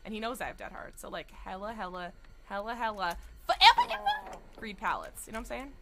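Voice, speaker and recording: A young woman streaming a game, chatting excitedly with viewers and breaking into sing-song outbursts. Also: mid-range voice, fast, noisy background. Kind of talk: live gameplay commentary. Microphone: studio desk mic.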